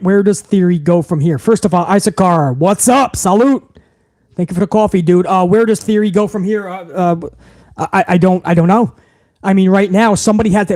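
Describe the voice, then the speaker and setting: A man's voice: high-pitched, dark tone, dry recording. A young man hosting a live wrestling podcast stream, ranting heatedly with lots of swearing and reading viewer messages aloud. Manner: heated, profane ranting, reads viewer super chats aloud.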